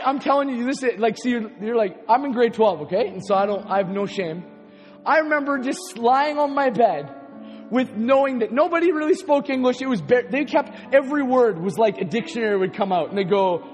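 High-voiced preacher in an echoing hall. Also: male voice. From Canada. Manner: animated storytelling, acting out his own quotes, laughing often. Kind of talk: sermon testimony. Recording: long hall reverb with faint music.

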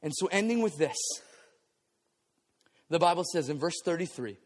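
In a large hall whose echo hangs long in the air, a high-voiced pastor gives a lively sermon at a moderate pace. He keeps slipping into playful side remarks and performing little quotes.

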